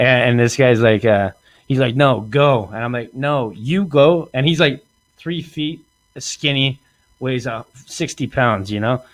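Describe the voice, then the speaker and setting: A man's voice: mid-range voice, unhurried, dry recording. Guy in his 30s hosting a podcast, riffing a funny story, dry close sound. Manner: animated, acts out quotes, laughs often. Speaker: podcast host. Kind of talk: casual comedic storytelling.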